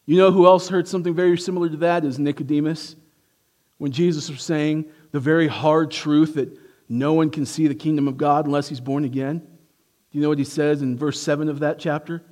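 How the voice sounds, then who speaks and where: A man with a fairly high voice preaches a sermon. He is emphatic, swinging from hushed, low passages to forceful peaks, and he keeps asking his congregation rhetorical questions. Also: fairly quick.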